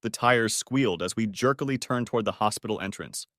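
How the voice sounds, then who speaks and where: A man narrating a first-person audiobook story in a steady storytelling manner. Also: lowish voice, brisk, no echo, clean studio sound.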